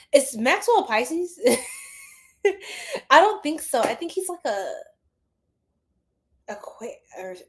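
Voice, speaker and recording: A woman giving a casual psychic tarot reading to her viewers, chatty and full of slang, often laughing. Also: mid-range voice.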